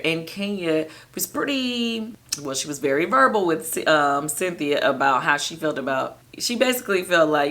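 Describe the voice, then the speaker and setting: A woman hosts a casual recap, talking straight to her viewers in an animated, gossipy way and laughing often. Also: low voice, creaky. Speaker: show host recapping episodes for viewers.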